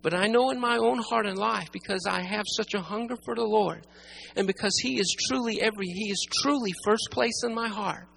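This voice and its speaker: Preacher, sermon, gravelly fry, bright forceful tone, emphatic, repeats phrases, loud-to-hushed swings. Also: mid-range voice, brisk, a little hiss or hum, rough recording.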